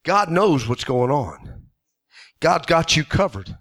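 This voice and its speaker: A man preaching a sermon with fervent delivery, rising into shouted emphasis on key lines. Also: on the high side, very animated, slow.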